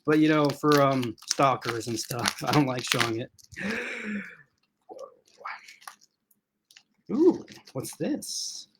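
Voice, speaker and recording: A man's voice: on the high side, expressive, drawn-out words, pauses often, noisy background. A man hosting a casual livestream unboxing from his laptop, rambling and chatty with lots of fillers, restarts and laughs. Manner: laughs often. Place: at home in front of a laptop.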